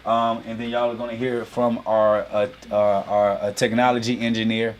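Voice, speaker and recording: A man hosting a live online business class, greeting viewers, teasing them playfully and hyping them up in a casual, animated way. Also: fairly low pitch, normal speed. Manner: playful teasing banter with chat; animated hype, heavy use of y'all. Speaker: host and business coach. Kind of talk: casual livestream class intro.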